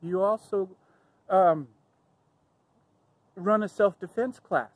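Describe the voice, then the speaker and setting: Man doing a little pig, chatty and curious, slightly higher voice. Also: slow.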